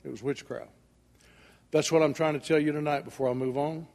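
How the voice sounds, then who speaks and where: A man's voice: a little high, steady tone, a little fast, gravelly, a little mellow. A male preacher giving a sermon in a folksy storytelling manner, acting out the dialogue. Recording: echoey hall with long reverb.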